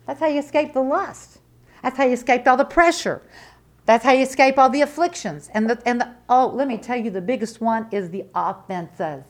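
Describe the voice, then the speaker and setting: A woman's voice: a little high, normal speed. A middle-aged woman preaching a sermon with fervent, emphatic delivery, piling up rhetorical questions and repeated phrases as she testifies.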